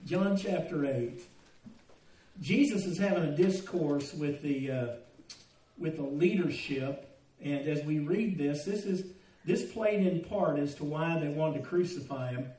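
Older male pastor, mellow voice, folksy then earnest, picked up from across a roomy sanctuary. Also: fairly high pitch, measured pace. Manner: folksy, joking storyteller turning earnest. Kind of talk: sermon. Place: church sanctuary. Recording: roomy echo, mic at a distance.

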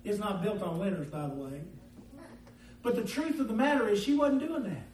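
A man preaching a sermon in a folksy, storytelling way. His voice sits unusually high for a man and rises and drops sharply in loudness. He is recorded from some distance, and the room echoes around him. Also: normal speed, slight background noise. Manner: folksy storytelling, swings between loud and quiet.

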